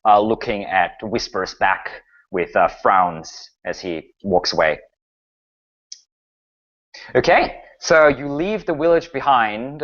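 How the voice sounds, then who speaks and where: A man's voice: medium pitch, highs cut off. A man narrating a tabletop game as game master, casual and full of fillers.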